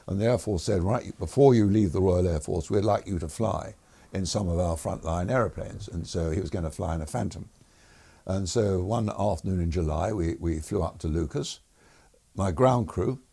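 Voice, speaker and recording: An older man, a retired air force officer telling stories in a relaxed interview, chuckling and restarting as he goes. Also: low voice, creaky, slightly rough. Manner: chuckles through stories, many fillers and restarts.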